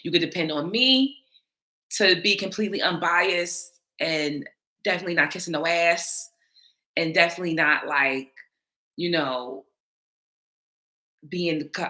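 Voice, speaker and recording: Blunt woman panelist with a low, punchy voice; casual commentary, curses freely. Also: a little slow, long pauses, bright, forceful tone. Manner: blunt, emphatic, swears freely. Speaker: battle rap panelist responding to viewer comments.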